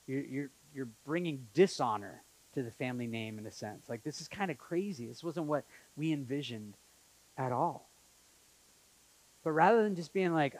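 Animated man preaching a sermon. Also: on the high side, normal speed, low-quality recording. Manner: animated, conversational preaching with acted-out quotes. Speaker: pastor. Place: church in Montreal.

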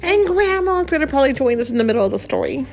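A woman's voice: high-pitched, very animated, fast, soft background music. A woman in her thirties hosting a podcast, reading a picture book aloud to her child, playful and chatty. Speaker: podcast host and mother.

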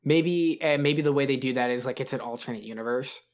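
A podcast co-host with a mid-range voice talks briskly in a loose, rambling, casual chat. He often restarts his sentences and fills gaps with "like" and "um".

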